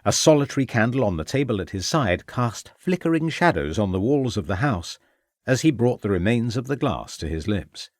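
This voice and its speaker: A man narrating a mystery audiobook in a measured, expressive storytelling manner. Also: medium pitch, dry recording, clean studio sound.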